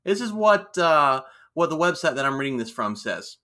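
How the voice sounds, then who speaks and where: A man co-hosting a casual podcast, recapping wrestling with quick jokey asides. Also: on the high side, sing-song, bright, forceful tone. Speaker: podcast co-host.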